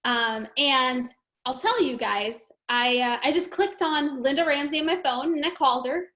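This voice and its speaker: A woman hosting a group video call, telling a story in a chatty, animated way with laughs. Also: sits high, moderate pace. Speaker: meeting host.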